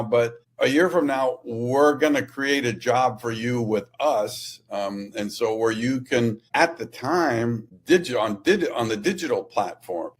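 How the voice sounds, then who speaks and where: Casting: older man in his sixties, mid-pitched voice, animated storyteller who acts out voices. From American West Coast. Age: 60s. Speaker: guest, rules analyst. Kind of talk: storytelling interview.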